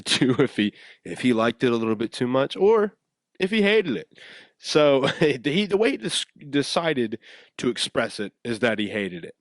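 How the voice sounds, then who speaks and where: A man's voice: mid-range voice, dry recording. A young man talks straight into the mic, loose and casual, telling a story that wanders off and comes back. He acts out the other people's lines as he goes. His voice sits in the middle and sounds close and dry, with no room around it. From West Coast of the USA. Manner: animated, rambling, acts out quotes. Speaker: podcast host.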